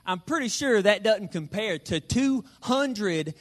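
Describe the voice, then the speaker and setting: A man delivers a sermon in a folksy, joking way. His voice sits high. He slows right down when he wants a number or a point to land. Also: lively intonation. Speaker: pastor.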